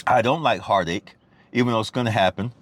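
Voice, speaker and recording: A man's voice: on the low side, fairly quick. A middle-aged man hosting his own podcast, ranting casually from his car, swearing heavily and restarting his sentences. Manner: animated, rambling, heavy swearing, frequent restarts. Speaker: podcast host. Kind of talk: casual profane rant. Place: in a car at a drive-through.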